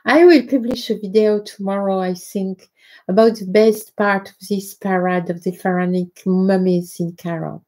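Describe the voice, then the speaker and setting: A woman with a French accent hosting a live stream, talking in a halting way with many fillers and greeting viewers by name. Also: mid-range voice, steady tone, darkish tone. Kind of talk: casual live-stream talk.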